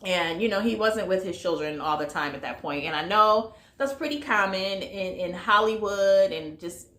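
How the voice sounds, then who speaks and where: A woman's voice: medium pitch, moderate pace, a bit bright, roomy sound. A woman giving a casual vlog movie review, chatty and full of fillers, talking straight to her viewers. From United States. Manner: chatty, lots of fillers, addresses viewers as y'all.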